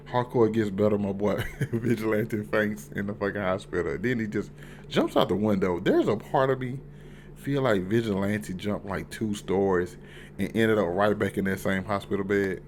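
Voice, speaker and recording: Young male reviewer, lowish voice, casual and excitable, heavy swearing, faint background noise. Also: moderate pace. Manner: excitable, profane, swings from mumbling to loud outbursts. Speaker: TV show reviewer.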